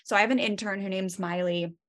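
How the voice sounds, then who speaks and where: A woman who works as a parenting educator, telling stories with lively asides as a guest on a casual podcast interview. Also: mid-range voice, fast talker. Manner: lively storytelling with many asides.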